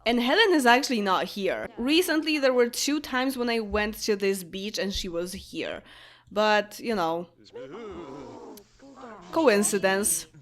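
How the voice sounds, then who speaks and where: A woman's voice: mid-range voice, lively intonation, measured pace. A young woman with Polish as her first language, casually commentating a life-sim game, chatting to her characters and laughing often. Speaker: gameplay commentator. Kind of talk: casual let's-play commentary.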